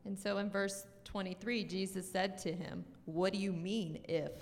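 A woman reading Bible verses aloud to a church group, slow and measured. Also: medium pitch, fairly even intonation, a little mellow, soft background music. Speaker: scripture reader. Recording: distant mic in a reverberant hall.

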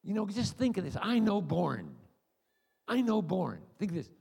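A middle-aged American-born preacher giving a humorous, storytelling sermon, animated and rambling, acting out voices and cries. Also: male voice, high voice, moderate pace, gravelly, husky. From United States. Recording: long hall reverb.

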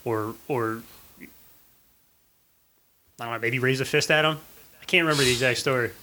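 A man's voice: medium pitch, moderate pace, sharp tone, rough recording. A man co-hosting a podcast, telling stories in a casual, wry and rambling way. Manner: wry, reluctant, rambling storyteller. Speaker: podcast co-host. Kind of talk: casual banter.

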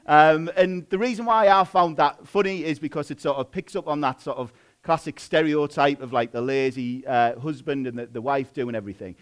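A man in his thirties preaching a sermon in a relaxed, chatty way, self-deprecating and full of fillers. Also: on the high side, normal speed.

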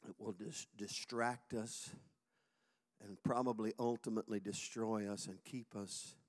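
A man preaching a sermon to a congregation, swinging from loud, fast exhortation to soft, slow reflection and calling on the crowd to repeat phrases. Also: lowish voice, fairly even intonation. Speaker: pastor. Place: church sanctuary before a congregation.

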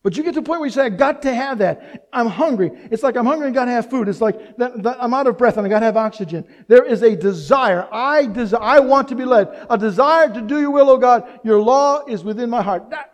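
Middle-aged male pastor with a high voice, preaching with energy and humor. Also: fast, few pauses. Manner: animated preaching with rhetorical questions and humor. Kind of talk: sermon.

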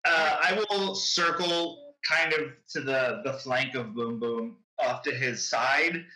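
A man playing a tabletop game, speaking slowly and hesitantly as he thinks aloud. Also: medium pitch, bright, forceful tone, reverberant, low-quality recording. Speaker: player. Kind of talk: casual tabletop game chat.

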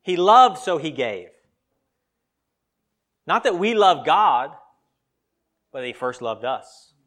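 A male pastor preaching a sermon, swinging between loud emphatic lines and quiet asides. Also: mid-range voice, big pitch swings, slow.

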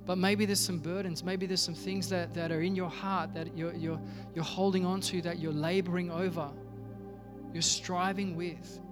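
A man's voice: high-pitched, little pitch movement, normal speed, big-room sound, over music. A man preaching a sermon in a conversational way, acting out little dialogues. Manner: conversational, acts out quoted dialogue. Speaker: pastor.

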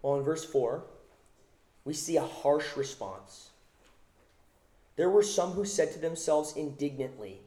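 A man's voice: on the high side, expressive, unhurried, pauses often, mellow. Emphatic male preacher in an echoey room. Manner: emphatic, repeats phrases for stress. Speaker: pastor. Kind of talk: sermon.

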